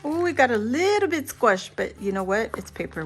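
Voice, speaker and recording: A middle-aged woman vlogger chatting casually and excitedly as she unboxes a birthday gift, gasping and laughing. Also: on the high side, fairly quick, a little hiss or hum. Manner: excited and giddy, many gasps and laughs. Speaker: crafting vlogger.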